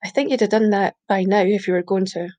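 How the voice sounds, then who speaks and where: A woman's voice: mid-range voice, steady tone, quick pace, warm tone, lightly acted. A woman voicing Malky, a controlling, blustering man, in a story reading. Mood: uneasy. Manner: pushy, wheedling, then growling. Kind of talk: audiobook reading.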